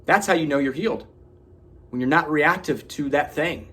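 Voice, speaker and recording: A man's voice: a little high, normal speed, a bit bright, husky. A man giving an earnest, preachy motivational self-help talk, swearing casually. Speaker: motivational vlogger.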